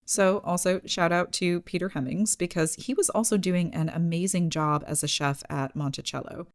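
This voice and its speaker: A woman hosting a history podcast, reading a scripted narration with chatty, wry asides. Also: sits low. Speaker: podcast host.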